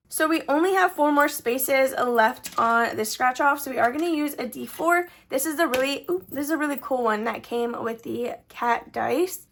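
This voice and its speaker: Her voice leans high and fairly bright as this young budgeting vlogger from Texas talks through her savings challenges. The chat is relaxed and full of fillers, with sentence endings that drift up.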